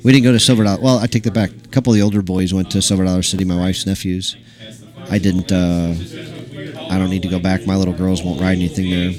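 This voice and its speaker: A man's voice: sits low, level tone, fast, over music. A man who runs a small pool club, telling a story in loose, chatty talk full of fillers and the odd swear word. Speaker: pool hall owner and stream host. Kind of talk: casual rambling storytelling. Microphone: live stream mic. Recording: crowd noise of a pool hall. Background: chatter of pool players.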